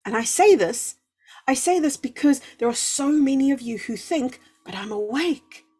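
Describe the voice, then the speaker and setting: This spiritual livestream host speaks in a high, animated, husky voice with a dark tone at a moderate pace. She is warmly encouraging and effusive, drawing out words for emphasis and replying to comments from her viewers.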